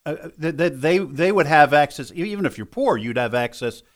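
A man co-hosting a talk radio show, reasoning through points with hesitant restarts and quick agreeing asides. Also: on the high side, animated. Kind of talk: conservative talk radio discussion.

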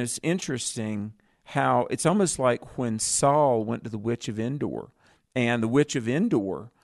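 Southern male co-host, gravelly, dry close mic, folksy Bible talk. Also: medium pitch, no echo. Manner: folksy, chuckling, repeats words. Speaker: radio co-host. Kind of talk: call-in Bible radio show.

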